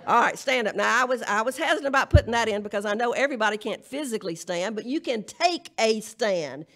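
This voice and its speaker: A woman's voice: a little high, lively intonation, quick pace, fairly bright tone. A woman minister with a Southern US accent, delivering a humorous, emphatic charge to a congregation at a live church service. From Southern United States. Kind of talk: folksy sermon-style charge.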